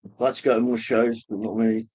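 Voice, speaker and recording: A man hosting a livestream, casually rambling as he reads viewer comments, with many pauses and fillers. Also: medium pitch, level tone, a little mellow, slightly rough. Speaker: livestream host reading chat. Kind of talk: casual chat.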